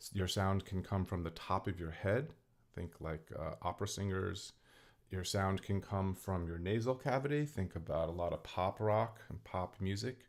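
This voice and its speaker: A man talking casually to his audience, explaining ideas as he thinks them through, with frequent "right?" checks and filler words. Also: lowish voice. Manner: explaining, thinking aloud with restarts. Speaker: vlogger and hobby singer. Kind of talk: casual spoken talk to camera. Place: home bedroom.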